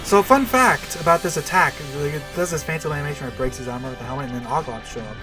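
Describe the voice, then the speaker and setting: A man's voice: a little high, fast talker, music in the background. A man giving casual, chatty gameplay commentary, explaining game mechanics and poking fun at himself. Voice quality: chatty, self-deprecating, explanatory. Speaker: let's play commentator.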